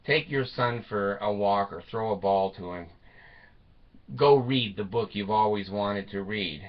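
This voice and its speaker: A man in his sixties speaking a bitter, blunt personal monologue with swearing and long pauses. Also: on the low side, highs cut off. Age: 60s. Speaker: vlogger.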